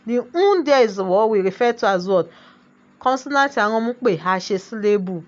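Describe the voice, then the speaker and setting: A woman with a slightly high voice gives a language lesson. She switches between Yoruba and English and keeps asking "what?" to draw answers from her class. The sound is muffled and lo-fi. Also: brisk. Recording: dull lo-fi sound.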